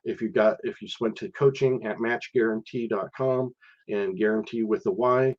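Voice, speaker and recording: Middle-aged man, low voice, halting casual live stream chat, full of "uh"s, lo-fi audio. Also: fairly even intonation, darkish tone. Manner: hesitant, many fillers and restarts. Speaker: live stream host sharing visa experience.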